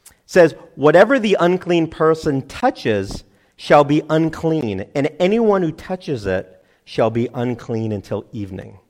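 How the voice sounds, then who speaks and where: A middle-aged man preaching a sermon, animated, acting out crowd voices and laughing at himself. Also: fairly high pitch, unhurried. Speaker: pastor.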